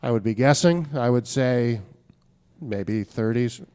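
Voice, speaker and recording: A man's voice: medium pitch, slow pace, dark tone, clear, resonant tone. A man playing in a tabletop game, speaking formally in character as he reports to a king. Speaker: player.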